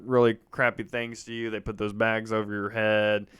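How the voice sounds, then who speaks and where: Young male podcast co-host, smooth voice, chatty storyteller. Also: normal speed. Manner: animated storyteller, jumps into loud high-pitched impressions. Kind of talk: casual storytelling chat.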